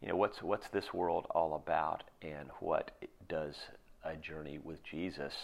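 Man in his sixties, sermon, very low voice, gravelly, reflective and halting. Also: fairly even intonation. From United States. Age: 60s. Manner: reflective, halting, with drawn-out pauses. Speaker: pastor.

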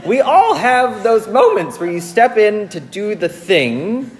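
A man preaching a sermon, telling self-mocking stories in a lively way and checking in with the audience. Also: sits high, slow. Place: large church hall. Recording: long reverb of a large church hall.

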